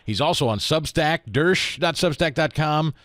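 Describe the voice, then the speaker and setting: A man hosting a talk radio show, giving brisk introductions and asking conversational questions. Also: fairly high pitch, animated, a bit bright, no echo, studio quality.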